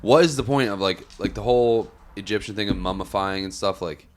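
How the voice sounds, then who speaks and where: A man's voice: lowish voice, a little fast, slight background noise. A young man on a podcast, telling a long personal story in a rambling, profane, casual way. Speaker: podcast co-host.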